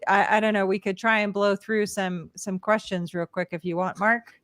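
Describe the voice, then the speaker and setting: A woman's voice: medium pitch, fairly even intonation, moderate pace, fairly bright tone, dry recording, clean studio sound. A woman guest talking casually about raising her children, chatty with frequent laughs. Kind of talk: casual chat.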